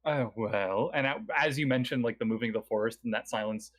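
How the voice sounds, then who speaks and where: A man running a tabletop game as game master, chatty and relaxed. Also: medium pitch, fairly quick.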